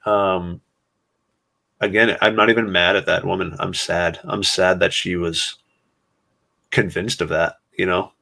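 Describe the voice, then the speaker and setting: A man hosts his own podcast in a low, gravelly voice with a lot of vocal fry. He talks solo, somber and sarcastic, stopping often mid-thought. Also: little pitch movement, bright, forceful tone. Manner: somber, sarcastic commentary with many pauses. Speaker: podcast host.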